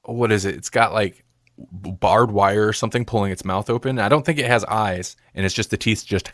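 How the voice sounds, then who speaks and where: A man's voice: on the low side, a little fast, fairly bright tone, no echo. A man co-hosting a movie review podcast, chatting casually and rambling, laughing often. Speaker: podcast co-host.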